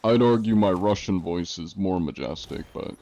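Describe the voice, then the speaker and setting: A man's voice: low voice, normal speed, dark tone. A man streaming live, chatting casually with his viewers and answering them with dry jokes. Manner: dry, joking, answers chat. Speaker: game streamer.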